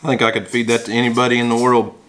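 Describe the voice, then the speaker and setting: A man's voice: mid-range voice, flat delivery, very fast, a bit bright, a little hiss or hum. Folksy Oklahoman man at the dinner table. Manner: easygoing, folksy, chuckles at his own jokes. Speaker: homesteading vlog host. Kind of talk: casual family vlog chat. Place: indoors at a home dinner table. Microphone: camera-mounted shotgun mic.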